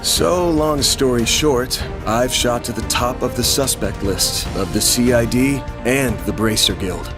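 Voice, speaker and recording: A man's voice: medium pitch, a little slow, few pauses, over music, natural voice. An actor playing a young male game hero under suspicion, speaking in a dry, offhand way in a game trailer. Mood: wry.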